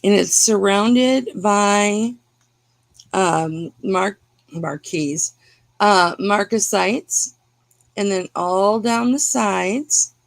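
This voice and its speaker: A woman hosts a casual live jewelry auction stream, chatting and teasing her viewers as she shows pieces. She speaks slowly with a gravelly edge. The sound is dry and close. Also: mid-range voice, no room sound.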